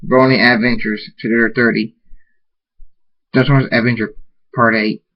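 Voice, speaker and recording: A man reads his fan story aloud, stumbling and restarting as he goes. His voice sits at a middle pitch. The recording is dull and lo-fi. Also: little pitch movement. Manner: halting, with restarts. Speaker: narrator.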